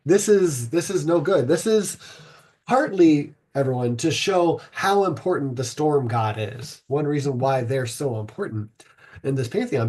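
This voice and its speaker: Husky, slow-talking irreverent man. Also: on the high side, a little mellow. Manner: rambling, irreverent, profane, many fillers. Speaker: podcast host. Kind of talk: casual myth retelling.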